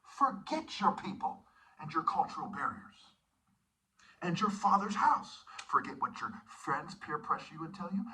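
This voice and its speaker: A man's voice: high voice, a bit bright, distant mic, a little hiss or hum, rough recording. A man preaching an intense sermon monologue, often dropping into whispered asides. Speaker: self-styled preacher.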